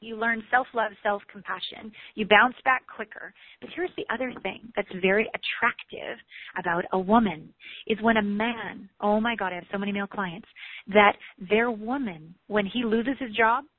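A woman's voice: medium pitch, normal speed, husky, no room sound. Candid woman coach, tinny phone sound. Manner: candid, animated, swears casually. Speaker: relationship coach. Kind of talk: motivational talk.

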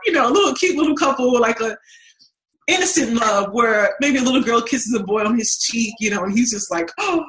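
A woman talks as a guest in a relaxed chat, her pitch sitting a little high. She animates her stories by acting out what she used to think and say. The sound carries a roomy echo. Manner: animated, acts out her past self's voice. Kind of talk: casual chat.

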